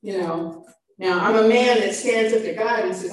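A woman's voice: medium pitch, moderate pace. Preaching woman in an echoey room. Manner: animated, shifting loud and soft emphasis. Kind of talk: sermon. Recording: echoey room, mic far off.

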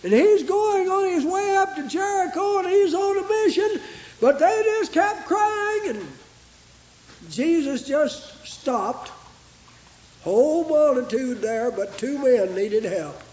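A male preacher delivering a fervent sermon in a strikingly high voice. He speaks slowly and builds through rhythmic repetition into shouts. The recording is roomy and echoing, with a dull, muffled lo-fi tone. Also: expressive.

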